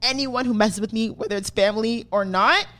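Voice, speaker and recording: A woman's voice: fairly high pitch, brisk. A young adult woman, a podcast host telling a story in casual, profane chat and acting out what people said. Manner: profane, animated, acts out quotes.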